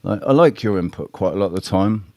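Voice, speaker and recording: A man's voice: low voice, lively intonation, brisk, warm tone, dry recording, studio quality. A man chatting casually on a live stream, rambling and blunt, swearing freely and talking straight to his viewers. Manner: addresses chat viewers directly. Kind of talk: casual livestream chat with viewers.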